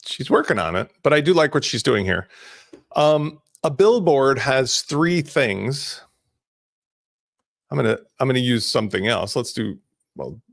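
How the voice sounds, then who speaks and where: A middle-aged man hosting a live business webinar in a casual, energetic way, jumping between examples as he shares his screen. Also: medium pitch, gravelly, dry recording, studio quality.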